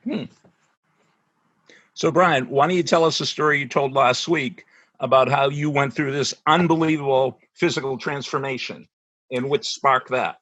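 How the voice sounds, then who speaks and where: A man's voice: mid-range voice, normal speed, a bit bright, no echo. A man who is a sports psychology professor, asking probing questions and teaching on a podcast. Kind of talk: podcast conversation.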